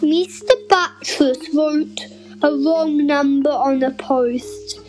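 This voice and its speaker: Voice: high-pitched, fairly even intonation, slow pace, faint music behind, low-quality recording. A child reading a storybook aloud carefully, with small slips and self-corrections. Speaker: reader.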